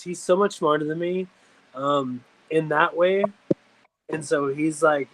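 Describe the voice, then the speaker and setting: A man in casual chat, excitable and profane, laughing often while telling stories about his cousin. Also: a little high, rough recording. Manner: excitable, laughs a lot, swears freely.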